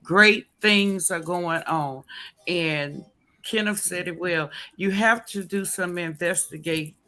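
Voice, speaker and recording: A man's voice: sits high, slow pace, bright, forceful tone. A man talking casually on a publishing show, folksy and repetitive, like a preacher urging listeners on. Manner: repetitive, preacherly, folksy, with playful Southern put-ons. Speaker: author guest on publishing show. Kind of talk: casual promotional chat.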